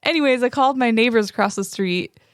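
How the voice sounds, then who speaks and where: A woman's voice: a little high, fast talker, no room sound, clean studio sound. A woman co-hosting a casual podcast chat, easygoing and reading a story aloud. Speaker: podcast co-host.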